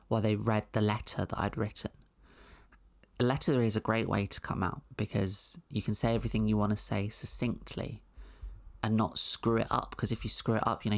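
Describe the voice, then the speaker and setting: A woman hosting a comedic video essay, commenting with dry, sarcastic asides. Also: extremely low pitch. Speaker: host.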